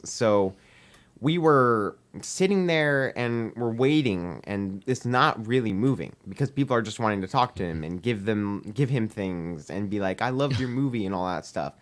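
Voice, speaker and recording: A teenage boy, a podcast guest, telling a long story in casual chat, full of "um" and "we're like" as he acts out the dialogue. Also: on the low side. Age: teens. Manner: rambling, heavy use of "we're like" and "um".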